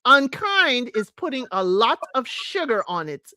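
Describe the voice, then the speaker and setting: A woman giving a chatty, animated recap of a reality show, talking straight to her viewers. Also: fairly high pitch, a little slow, no echo. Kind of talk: casual recap commentary.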